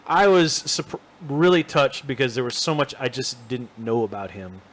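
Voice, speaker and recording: A man's voice: medium pitch, normal speed. Chatty man co-hosting a video game show. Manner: chatty, jokey, talks to the audience. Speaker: podcast co-host. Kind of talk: casual chat while playing a video golf game.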